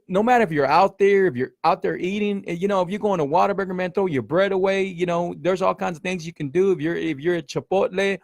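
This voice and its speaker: He's a middle-aged keto coach and show host whose voice sits high, recorded at studio quality with no echo. On his casual livestream he speaks emphatically, repeats himself, and keeps saying "man" and "y'all."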